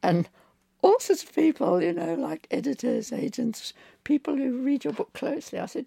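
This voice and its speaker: A woman's voice: sits high, big pitch swings, moderate pace, vocal fry, warm tone, slightly rough, no echo, studio quality. An older woman from England, a novelist being interviewed, telling rambling anecdotes with fillers. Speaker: novelist guest. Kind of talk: conversational interview.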